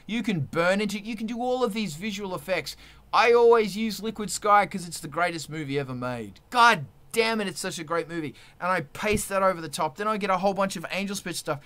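Fired-up swearing man, bright high voice. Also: normal speed. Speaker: musician hosting a live stream. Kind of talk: profane casual rant.

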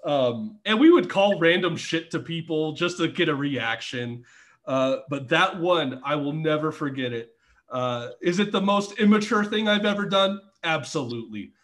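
Here the same kind of guest, a middle-aged ex-wrestler on a casual podcast, sounds animated as he recounts ring stories with plenty of laughter and loose profanity. He speaks at a normal speed in a somewhat high, slightly bright voice.

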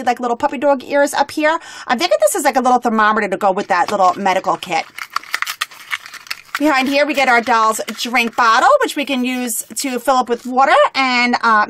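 High-voiced gushing toy-unboxing woman. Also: no room sound. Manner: gushing, excited, chatty.

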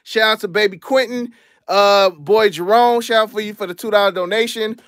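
Young male streamer, high voice, dry close mic, relaxed slangy delivery, thanks donors as he goes. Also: moderate pace, dry recording. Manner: laid-back slangy chatter, shouting out donors. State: out of breath. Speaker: sneaker channel host. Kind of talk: casual livestream show-and-tell.

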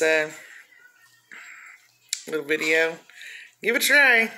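Gravelly older woman coaxing kids. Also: low-pitched, sharp tone, slight background noise. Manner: coaxing, chatty with young children at the table. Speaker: home cooking vlogger. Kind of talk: casual family vlog.

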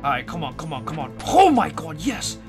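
A man streaming a game live, excitable and swearing as he reacts and talks to his chat. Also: a little high, brisk, over music. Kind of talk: live gameplay commentary to chat.

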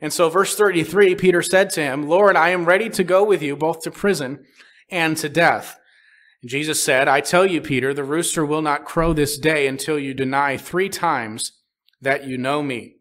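A male pastor delivers a sermon in a slightly higher voice, pausing often on "uh" as he walks through scripture. He explains points patiently and plainly. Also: a bit bright. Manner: explains Greek wording plainly, frequent "uh" fillers. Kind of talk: expository sermon. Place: church sanctuary.

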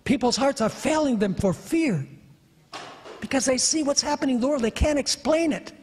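A man's voice: very high-pitched, expressive, normal speed, darkish tone, a little hiss or hum. A man preaching a sermon, emphatic and questioning his audience. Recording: long reverb of a hall.

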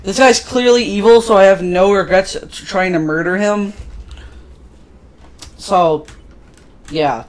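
A man's voice: high voice, slow, long pauses. A man casually commentating a video game, crude and profane, loosely recapping the story as he plays. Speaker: let's play gamer.

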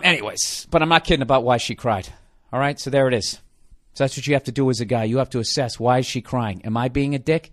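A man's voice: mid-range voice, fairly bright tone. A man hosting a comedy podcast, ranting in a profane, sarcastic monologue. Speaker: podcast host.

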